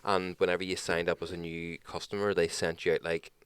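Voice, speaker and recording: A young Northern Irish man with a lowish, smooth and clear voice, co-hosting a podcast. He tells stories and rants in disbelief, swearing constantly. The sound is dry and close to the mic. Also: little pitch movement, brisk, fairly bright tone, no room sound. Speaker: podcast co-host. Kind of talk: casual chat, storytelling.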